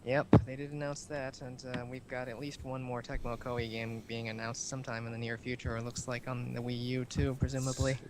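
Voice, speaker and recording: A man's voice: medium pitch, little pitch movement, a little fast, hardly any pauses, a loud crowd, rough recording. A man co-hosting a casual gaming podcast, talking in a chatty, jokey way and laughing often. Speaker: podcast co-host. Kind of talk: casual chat. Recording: clear background noise.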